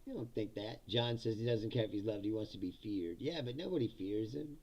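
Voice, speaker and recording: A man's voice: fairly low pitch, fairly quick, dark tone, highs cut off. A man hosting a political comedy show, ranting sarcastically and with lots of swearing in casual livestream commentary while reading out chat comments.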